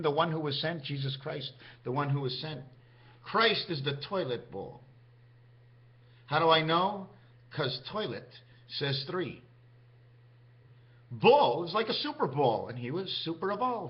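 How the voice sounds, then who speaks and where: Man vlogger with a slightly high voice, musing in a meandering monologue, captured on a muffled lo-fi recording. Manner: rambling, free-associating, musing aloud. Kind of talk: rambling monologue. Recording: dull lo-fi recording.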